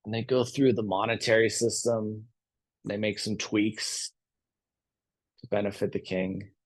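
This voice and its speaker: Calm, low-voiced male yoga teacher. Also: unhurried. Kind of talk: storytelling while guiding a yoga class.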